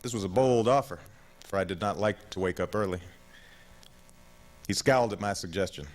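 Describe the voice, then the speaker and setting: A man in his thirties narrating his own memoir as an audiobook, in a measured, reflective way. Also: low-pitched, poor audio. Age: 30s.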